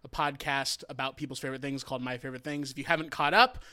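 A man's voice: medium pitch, steady tone, fast talker, bright, forceful tone, clean tone. A man hosting a casual podcast, joking and laughing as he signs off. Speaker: podcast host.

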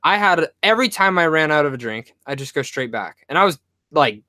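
A young man hosting a casual movie podcast, telling animated stories with lots of stammers and restarts. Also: a little high, brisk, no room sound. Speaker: podcast host.

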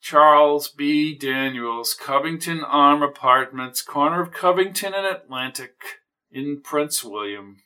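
A man doing a prim, exasperated older gentleman. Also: a little high, slow, distant mic. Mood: flustered. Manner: prim, exasperated, precise diction. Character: fussy, irritable older man neighbor.

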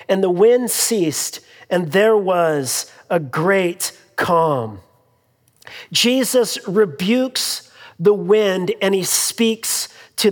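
Pastor delivering a casual, humorous sermon at an ordinary pitch; long echo of a big church hall. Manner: conversational, with frequent restarts and humorous asides.

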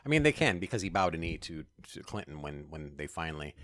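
A man with a very low voice talks politics casually and with sarcasm. The sound is dry and close, with no room around it. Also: very animated, fast talker, a bit bright, dry recording. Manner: sarcastic, reads news aloud, mimics politicians. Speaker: podcast co-host.

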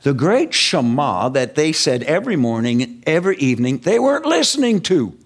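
A man preaching a sermon in an animated, emphatic way, stretching key words out slowly for weight. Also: a little high.

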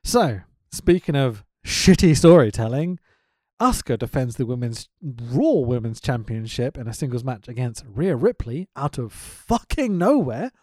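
A man's voice: mid-range voice, unhurried, no room sound, clean studio sound. A man co-hosting a casual wrestling podcast, ranting with lots of swearing and indignation. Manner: animated, profane, indignant ranting.

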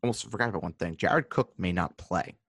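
A man co-hosting a casual fantasy football chat, giving numbers and making dry, deadpan jokes. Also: low voice, brisk, breathy edge, dry recording. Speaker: podcast co-host.

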